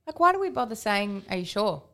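An Australian woman co-hosting a casual radio chat, telling animated stories. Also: mid-range voice, brisk. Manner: chatty, animated storytelling.

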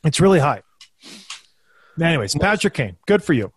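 Animated storytelling man, dry close sound. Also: on the high side, normal speed, husky, no room sound. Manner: animated, acts out quotes in a raised voice. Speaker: former hockey player, podcast co-host. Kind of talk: casual storytelling chat.

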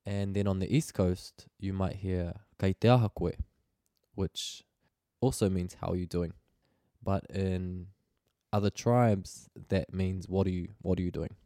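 A man's voice: sits low, fairly even intonation, a little slow, warm tone, no echo, clean studio sound. A man teaching a Māori language lesson, explaining phrases patiently and pronouncing them carefully.

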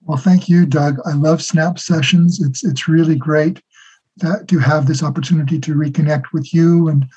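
A man's voice: a little high, steady tone, normal speed, warm tone, breathy edge. A man in his sixties, a guest in an interview, talking in a friendly, thoughtful and modest way. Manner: friendly, thoughtful, self-deprecating. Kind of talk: casual interview conversation. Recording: dull lo-fi audio.

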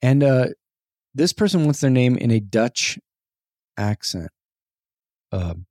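A man co-hosting a podcast in casual chat, reading listener names with easygoing, halting fillers. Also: medium pitch, sing-song, a little mellow, no echo, clean studio sound. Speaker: podcast co-host.

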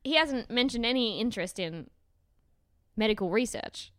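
Bright, gushing woman, dry close sound. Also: a little high, lively intonation, normal speed, no room sound. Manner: laughs often, gushing. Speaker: podcast co-host. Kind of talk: casual chat recapping a TV show.

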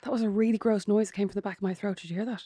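A woman with an Irish accent co-hosting a podcast, bantering in a wry, quick casual chat. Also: mid-range voice, fairly even intonation, warm tone, slightly rough, dry recording, studio quality. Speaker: podcast co-host.

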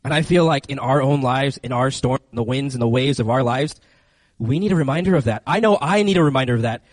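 A man preaching a lively, conversational sermon into a handheld microphone, speaking directly to his listeners. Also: mid-range voice, fast, no echo, rough recording. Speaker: youth preacher. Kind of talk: lively sermon with acted-out scenes.

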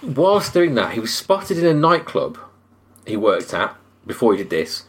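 A man co-hosting a podcast, chatty and quick to laugh. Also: medium pitch. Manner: lively, chatty, laughs often. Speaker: podcast co-host. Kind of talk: casual film chat.

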